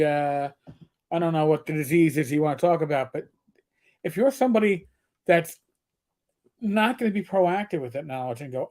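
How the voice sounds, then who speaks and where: A man's voice: on the high side, normal speed, long pauses, dark tone. A middle-aged man, a former police officer co-hosting a livestream, telling blunt, profane stories in casual chat. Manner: blunt storyteller, swears freely.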